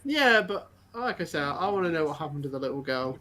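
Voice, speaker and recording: A man with a notably high-pitched voice chats casually with a friend while they play a co-op video game. He asks lots of questions, hesitating often and restarting his sentences. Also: sing-song, a little fast, bright, forceful tone. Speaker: co-op gaming partner.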